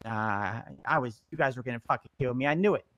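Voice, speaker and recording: A man's voice: medium pitch, fast, fairly bright tone, dry recording. A man in a heated improvised roleplay, pleading and swearing constantly in a frantic way. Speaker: roleplay character Stevie.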